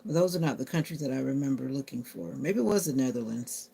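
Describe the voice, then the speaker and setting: A woman's voice: a bass voice, lively intonation, fairly quick, vocal fry, warm tone, slightly rough. A woman chatting casually on a live stream, answering viewer comments aloud and talking to her phone. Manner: talks to her phone assistant.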